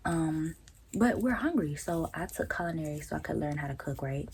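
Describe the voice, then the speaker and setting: A young woman telling a story to her vlog audience in a blunt, profane, animated way, sometimes jumping to high incredulous tones. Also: moderate pace, breathy edge, low-quality recording. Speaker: vlogger. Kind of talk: casual storytelling rant.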